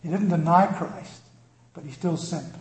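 A male pastor preaches in a slightly high voice, swinging between loud passion and quiet intensity. His words ring around an echoey room, with faint noise underneath. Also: a little slow. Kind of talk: sermon.

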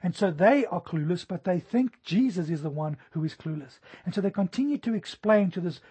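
A man's voice: high-pitched, lively intonation, brisk, warm tone, husky. A male pastor preaching a sermon, telling stories and rising to emphatic peaks.

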